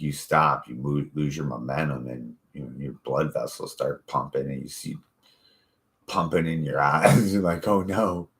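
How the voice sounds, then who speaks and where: Deep-voiced forties male host, unhurried, swears easily, loose storyteller. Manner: profane, easygoing storytelling. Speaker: podcast host. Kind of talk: casual chat.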